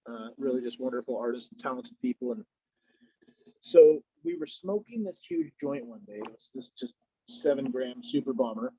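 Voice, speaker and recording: A man's voice: mid-range voice, mellow, slightly rough, dry recording, dull audio. A man guesting on a podcast, chatting casually and telling rambling, laid-back stories while he smokes. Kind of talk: casual chat while smoking.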